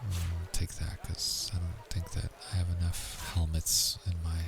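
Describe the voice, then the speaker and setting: A man with a deep voice and a gravelly fry talks loosely to his stream audience as he plays. He wanders through half-finished thoughts full of ums and likes, and he mutters under his breath between them. Soft music plays underneath. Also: completely flat delivery, measured pace. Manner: rambling, filler-heavy, muttering asides while playing. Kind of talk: casual gaming livestream chat.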